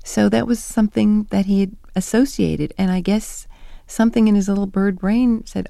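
A middle-aged woman being interviewed, telling animated stories and acting out quoted lines. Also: medium pitch, normal speed, gravelly, no echo, studio quality. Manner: animated storyteller who acts out quoted lines. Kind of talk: conversational interview.

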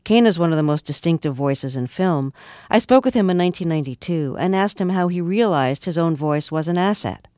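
A radio interviewer reading a scripted introduction and asking questions in a measured, read-aloud way. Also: medium pitch, animated, a little mellow, no echo, studio quality.

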